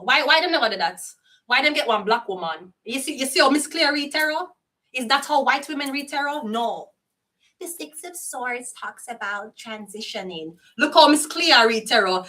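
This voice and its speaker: An older woman with a Jamaican accent rants through a tarot reading, swearing freely and sliding into patois. Her voice is high and bright, and she sits some way back from the mic. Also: animated, moderate pace, recorded from a distance. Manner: profane, heated, slips into patois. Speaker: tarot reader. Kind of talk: casual ranting monologue.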